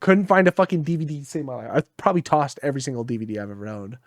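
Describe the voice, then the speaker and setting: A man's voice: medium pitch, very fast, no room sound, clean studio sound. A tired man co-hosting a podcast in casual chat, rambling and swearing freely. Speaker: podcast co-host.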